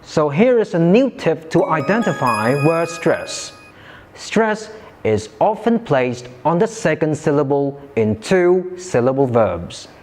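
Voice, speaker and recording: A man teaching English pronunciation in a slow, careful, clearly articulated scripted lesson. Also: on the high side, very animated, a little mellow, soft background music.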